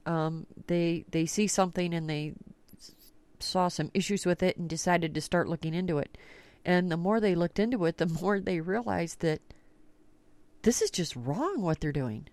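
A woman hosts a casual talk radio podcast, speaking bluntly and swearing often as she tells her stories. Her voice sits a little low for a woman. The recording is dry and close, with no room echo. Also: moderate pace. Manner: blunt, swears freely, animated storytelling. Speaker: podcast host.

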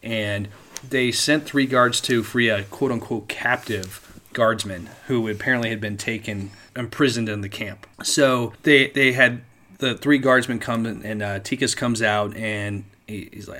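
A man's voice: fairly low pitch, fairly even intonation, moderate pace, bright, forceful tone. A man co-hosting a podcast, telling a history story in a casual, rambling way, with many restarts. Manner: rambling with frequent restarts and laughs. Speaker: podcast co-host.

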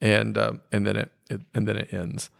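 A man and comedy co-host casually telling an animated story from a club night, acting out the people in it. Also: lowish voice, normal speed, gravelly. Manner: animated storyteller, acts out quoted voices. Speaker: stand-up comedian and podcast co-host.

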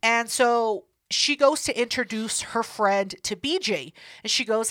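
A woman co-hosting a podcast, telling a story in casual chat, profane and animated, acting out what people said. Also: fairly high pitch, slow, hardly any pauses, no room sound, clean studio sound. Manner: profane, animated, acts out quotes. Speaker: podcast co-host.

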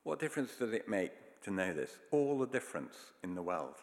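A man's voice: fairly low pitch, very animated, brisk. A man preaching a sermon, telling stories in an earnest, emphatic way. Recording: long hall reverb.

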